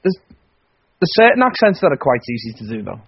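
Lively English man with teasing quips. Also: a little high, fairly quick, breathy edge, no echo. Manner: dry, teasing one-liners. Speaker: radio co-host. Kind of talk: casual radio chat. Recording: dull lo-fi radio recording.

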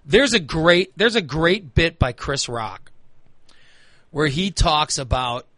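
A man's voice: on the high side, lively intonation, slow pace, pushed and bright, no echo. A man hosting a talk radio show, ranting in a heated, emphatic way and repeating phrases for emphasis. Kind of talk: opinionated talk radio rant.

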